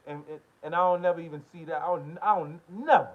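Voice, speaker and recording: Speaking at a quick clip in a fairly high voice, an American man runs a political commentary channel. His monologue is heated and confrontational, full of swearing and short questions asked again and again, captured in dull lo-fi sound.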